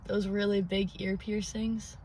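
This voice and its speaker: A woman's voice: mid-range voice, little pitch movement, unhurried, warm tone, slightly rough, distant mic, poor audio. A young woman co-hosting a podcast, chatting casually and rambling with lots of "like". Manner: rambling, heavy use of "like". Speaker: podcast co-host. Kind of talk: casual chat. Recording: faint noise, a bit off-mic.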